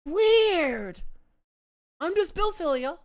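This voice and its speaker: A woman streamer from the United States talks casually to her viewers in a bright, lively voice that swoops up and down. She rambles and keeps cutting herself off mid-sentence. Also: on the high side, moderate pace. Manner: rambling, self-interrupting, chatty with viewers. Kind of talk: casual live-stream chat.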